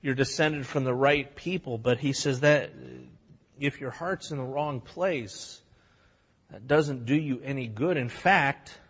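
A man's voice: mid-range voice, slightly rough, long reverb tail, muffled recording. A man preaching a sermon to his congregation, blunt and plain-spoken, acting out both sides of an argument. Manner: animated, acts out both sides of arguments in quick voices. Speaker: pastor. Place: church sanctuary.

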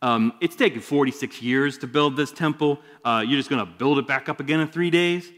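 A man's voice: mid-range voice, brisk, a bit bright, lightly acted. A man putting on the voice of a laid-back, dismissive male temple official who talks in slang, recorded with a long hall reverb. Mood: scoffing.

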